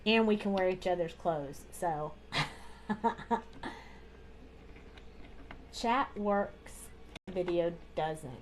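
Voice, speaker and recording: A woman's voice: on the low side, slow, slight background noise. A woman hosting a live card-making tutorial, chatting casually as she talks through each coloring step at her craft desk.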